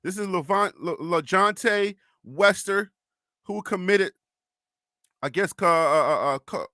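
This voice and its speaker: A man's voice: sits high, takes it slowly, sharp tone, no echo, studio quality. A young man hosting a casual sports live stream, chatting loosely and reading viewer comments aloud with frequent laughs.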